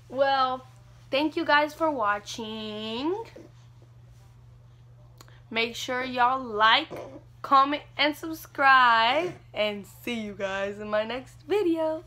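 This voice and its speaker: A woman speaking as her baby, giving a loud, cheery sign-off to viewers. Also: high voice, very slow, pauses often, full character voice. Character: the vlogger's baby doing the outro.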